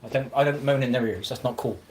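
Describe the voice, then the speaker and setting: A man's voice: mid-range voice, fast, a little mellow. Guy chatting on his stream while eating, swears a lot, laughs easy, bit of hiss behind. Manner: chatty, laughs often, mouth full at times; colloquial, swears freely. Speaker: live streamer. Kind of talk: casual live-stream chat while eating.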